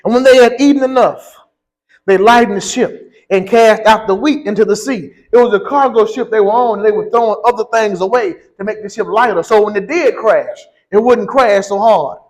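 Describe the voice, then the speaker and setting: A man preaching a sermon, reading scripture and then building to slow, emphatic shouted lines. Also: high voice, low-quality recording.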